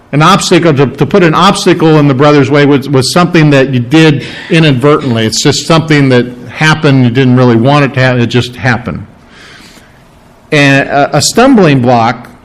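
A man preaching a sermon to a congregation, teaching from scripture with emphatic rises and restarts. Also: rough recording. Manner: animated preaching, rising in pitch for emphasis, with restarts. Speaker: pastor. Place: room with a congregation.

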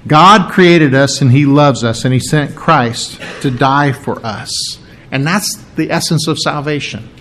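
A man preaching a sermon, teaching in a halting way and clearing his throat often. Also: fairly high pitch, fairly bright tone, a little hiss or hum. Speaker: pastor.

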